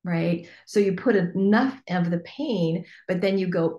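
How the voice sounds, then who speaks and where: A woman business coach teaching a workshop in a chatty, animated way with lots of fillers. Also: fairly low pitch, measured pace, lo-fi sound. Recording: echoey room.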